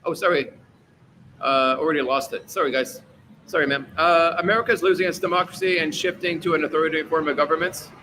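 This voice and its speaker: A man's voice: a little high, fairly even intonation, fast, pushed and bright, slight background noise. A man hosting a casual livestream, reading out chat and rambling through his opinions with many fillers.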